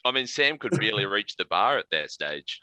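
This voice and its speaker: A man's voice: lowish voice, big pitch swings, brisk, sharp tone, clear, resonant tone, dry recording. A man from New Zealand co-hosting a podcast, chatting in laid-back, sweary banter. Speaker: podcast co-host. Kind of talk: casual chat.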